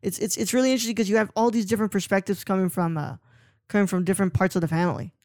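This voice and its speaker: Rambling mid-pitched podcast talker. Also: steady tone, very fast, a little mellow, dry recording, clean studio sound. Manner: rambling, searches for words. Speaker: podcast co-host. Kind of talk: casual podcast film chat.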